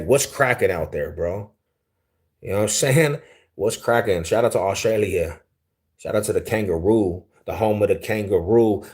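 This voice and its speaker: A young man from Denver on a casual livestream. His voice sits low, and he talks in a relaxed, slangy way as he reads out and answers viewer comments with easy amusement. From Denver, Colorado, US. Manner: laid-back, slangy, easily amused. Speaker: livestream host.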